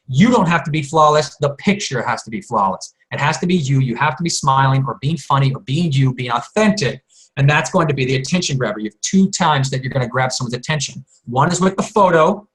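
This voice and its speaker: A man teaching on a conference call, energetic and playful, acting out example posts and quoted voices. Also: a little high, poor audio. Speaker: business coach.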